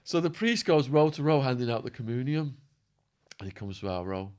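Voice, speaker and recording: A man telling prison stories as a podcast guest, acting out quotes and laughing, his voice going hoarse. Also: medium pitch, fairly quick. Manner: animated storyteller, acts out quotes, laughs. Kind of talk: storytelling interview.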